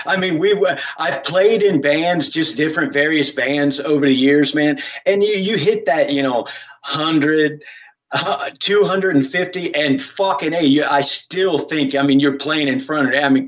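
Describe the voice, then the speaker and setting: A man, a musician guest, chatting casually in an unhurried, halting and profane way. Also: a little high, fairly bright tone, highs cut off. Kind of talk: casual chat.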